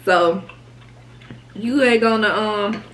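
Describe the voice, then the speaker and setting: A woman hosting an eating video, chatting casually and warmly about her food while she eats. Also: mid-range voice, slow pace, low-quality recording. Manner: chatty, talks through meals. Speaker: mukbang host.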